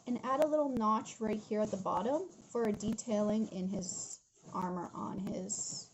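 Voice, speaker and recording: A woman's voice: mid-range voice, moderate pace, a little hiss or hum, rough recording. A young woman talking viewers through a drawing tutorial from her home studio, chatty and giggly, calling them guys as she goes. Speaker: art instructor.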